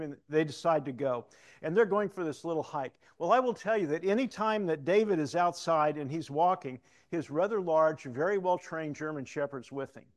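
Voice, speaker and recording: A man preaching a sermon in a church in a folksy, conversational way, telling a story and then praying in a hushed, slow voice. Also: a little high.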